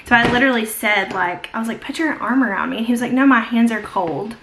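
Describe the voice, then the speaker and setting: A young beauty vlogger with a fairly high voice talks fast over background noise while doing her makeup. It's a casual get-ready-with-me chat, gushing and filler-heavy, with "like" dropped in constantly.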